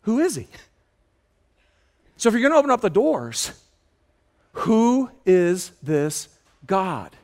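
A man preaching a sermon in an auditorium, telling stories with lively acted-out dialogue. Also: slow pace, pauses often. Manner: animated storytelling, acts out dialogue with loud high shouts. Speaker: pastor.

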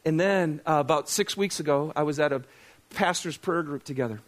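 A man's voice: a little high, brisk. A middle-aged man preaching a sermon in a casual, conversational way, asking the congregation questions and joking at his own expense. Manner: conversational, self-deprecating, asks the congregation questions. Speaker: pastor.

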